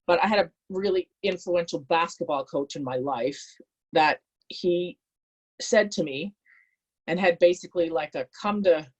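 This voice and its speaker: Woman telling a lively personal story. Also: fairly low pitch, a little slow, highs cut off. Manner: animated, acts out quoted voices. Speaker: motivational speaker.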